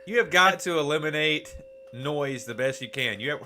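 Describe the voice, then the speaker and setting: Lively bright-voiced bawdy male co-host. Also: fairly high pitch, normal speed, slight background noise. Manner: bawdy, animated banter. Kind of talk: casual live-stream movie chat.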